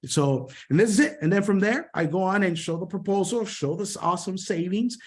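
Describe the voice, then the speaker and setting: A man giving an energetic sales training on a video call, talking quickly and punctuating points with "right?" and "boom". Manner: energetic, repeats "right?" and "boom", rapid delivery.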